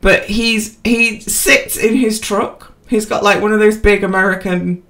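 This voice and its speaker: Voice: medium pitch, steady tone, a little slow, pushed and bright. A podcast co-host chatting casually and rambling, with lots of fillers and restarts, self-deprecating. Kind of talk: casual chat.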